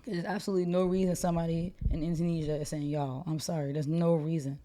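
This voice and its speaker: A young woman co-hosting a podcast, talking in an animated, opinionated and slangy way in casual chat. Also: sits low, fast. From United States. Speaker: podcast co-host.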